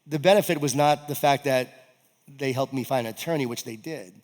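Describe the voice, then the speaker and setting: A man's voice: medium pitch, brisk, darkish tone. A man giving a motivational keynote talk to an audience, telling a personal story and acting out his own lines with animation. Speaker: keynote speaker. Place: event hall stage. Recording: long reverb of a large event hall.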